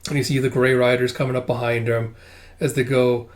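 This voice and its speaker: A man's voice: mid-range voice, level tone, brisk. A man casually reading along with a comic book and commenting, chatty with lots of fillers and some swearing. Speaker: comic book reader and reviewer.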